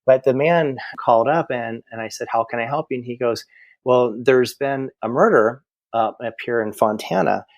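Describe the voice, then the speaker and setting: A man's voice: mid-range voice, normal speed, no echo, dull audio. A man who works as a medium, chatting as a podcast guest and telling stories animatedly, acting out the conversations. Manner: animated, acts out quoted exchanges, many restarts. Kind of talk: casual storytelling chat.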